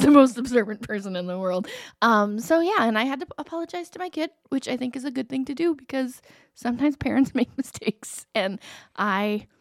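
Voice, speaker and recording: A woman in her forties co-hosting a podcast, telling a family story in a casual, animated way with frequent laughter. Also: sits high, dry recording, clean studio sound. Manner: animated, laughing, acts out quotes. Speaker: podcast co-host.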